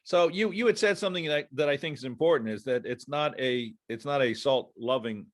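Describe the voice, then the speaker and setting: A man's voice: medium pitch, brisk. A man hosting a casual podcast interview, asking short follow-up questions and reacting briefly to his guest. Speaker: podcast host.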